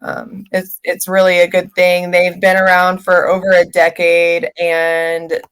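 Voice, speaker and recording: A woman hosting an internet radio talk show, speaking casually with many halting fillers and restarts. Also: on the low side, monotone, a bit bright, clear, resonant tone. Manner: halting, filler-heavy speech.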